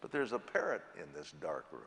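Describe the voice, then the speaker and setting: A man's voice: rumbling low, wildly swooping pitch, brisk, vocal fry, a bit bright, big-room sound. A male pastor preaching a sermon in a jovial way, stretching out key words for emphasis. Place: church sanctuary.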